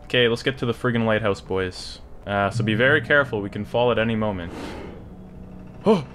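A man commenting on a video game he is playing, excitable, joking and yelling at the game. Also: lowish voice, fairly quick. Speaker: gamer. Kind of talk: let's play commentary. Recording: game ambience and noise behind.

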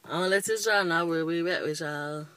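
A woman's voice: lowish voice, a little fast, a bit bright, dry recording. A woman in her twenties giving a casual, rambling makeup review, openly annoyed and chatty. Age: 20s. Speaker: beauty vlogger.

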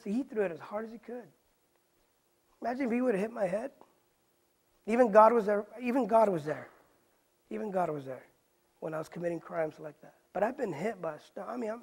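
Husky-voiced pastor preaching casually. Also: male voice, sits high, a little mellow. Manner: casual street slang, rhetorical questions. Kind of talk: Bible study sermon.

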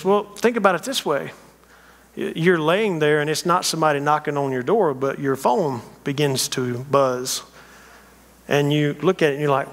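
Guy preaching in a church, a bit high voice, lots of echo, acts stuff out. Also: moderate pace. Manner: animated storytelling, acts out scenes. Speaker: guest preacher. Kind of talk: sermon. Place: church sanctuary.

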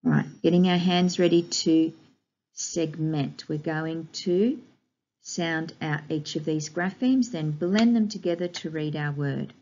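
Slow, clear woman teaching phonics. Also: low-pitched, darkish tone, lo-fi sound. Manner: slow, clear, encouraging instruction with drawn-out sounds. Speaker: primary school teacher. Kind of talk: recorded phonics lesson for young children.

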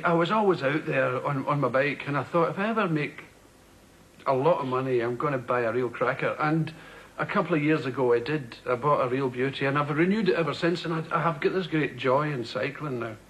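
A Scottish man telling comic stories as a talk show guest, animated and jumping into high voices for quotes. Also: fairly quick. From Scotland. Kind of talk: comic storytelling. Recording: noisy broadcast recording.

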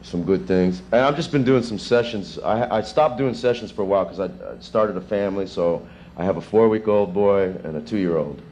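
Man, thirties, session drummer, loose rambling Q&A, faint hiss, lowish voice. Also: normal speed. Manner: rambling, animated storytelling with chuckles. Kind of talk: casual Q&A with students. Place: music school classroom.

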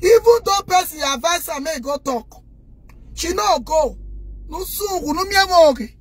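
Very high-pitched Nigerian woman ranting. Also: expressive, unhurried. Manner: scolding, loud and indignant, addressing viewers directly. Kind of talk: impassioned rant to the camera.

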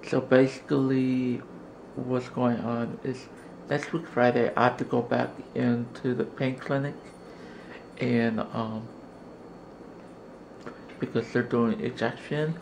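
A man vlogging casually from his home, talking to his camera and coaxing his dog in a high, playful voice between rambling updates. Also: creaky. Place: home indoors. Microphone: handheld camera. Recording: noisy home camera audio.

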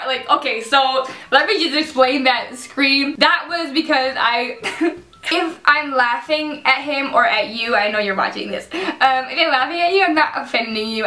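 Bright, high-voiced Dutch woman vlogging. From Netherlands. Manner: excitable, giggly, filler-heavy. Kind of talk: casual reaction video. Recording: echoey room.

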